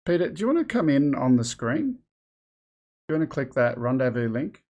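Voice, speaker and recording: A man chats through a live stream in a loose, rambling way, thinking aloud as he goes. His voice sits at an ordinary middle pitch for a man. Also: sing-song, fairly quick, warm tone, highs cut off. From Australia. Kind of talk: casual live stream chat.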